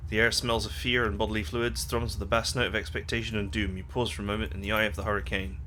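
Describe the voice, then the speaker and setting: A man's voice: lowish voice, level tone, fast, pushed and bright, slight background noise. A man hosting a let's play, reading game text aloud dramatically and chatting casually about the game with lots of "like". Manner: casual asides full of "like", dramatic read-aloud of game prose.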